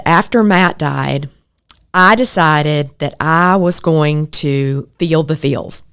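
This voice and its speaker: A middle-aged woman hosts a podcast, talking in an earnest, reflective way. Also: deep voice. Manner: earnest, reflective, animated when quoting others. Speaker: podcast host. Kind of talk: personal podcast monologue.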